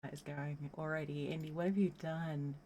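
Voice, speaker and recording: A woman's voice: low voice, little pitch movement, normal speed. Giggly, tearful woman streamer. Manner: giggly, emotional, talks softly. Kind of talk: live-stream chat.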